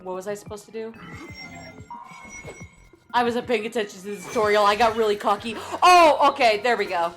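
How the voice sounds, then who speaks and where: A woman's voice: mid-range voice, a little fast, long pauses, a bit bright, faint music behind. A young woman streaming a video game, chatting playfully with her viewers and laughing often. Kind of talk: casual gameplay commentary.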